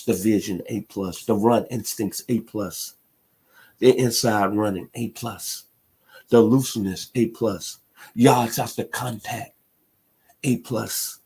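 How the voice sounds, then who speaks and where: A man's voice: fairly low pitch, slow, husky. A middle-aged man from Memphis, hosting a sports talk radio show in an impassioned, emphatic monologue. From Memphis, Tennessee. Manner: impassioned, emphatic, builds to loud peaks.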